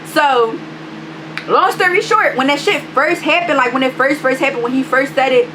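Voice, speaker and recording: A woman vlogger telling a story in a casual, animated and profane way, full of fillers. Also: sits high, brisk, noisy background.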